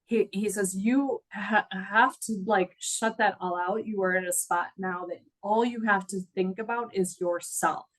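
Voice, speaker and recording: A woman's voice: medium pitch, steady tone, a little slow, hardly any pauses, low-quality recording. A middle-aged woman telling her story in an interview, earnest and reflective, audibly emotional. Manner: earnest, reflective, laughs at times. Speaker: guest.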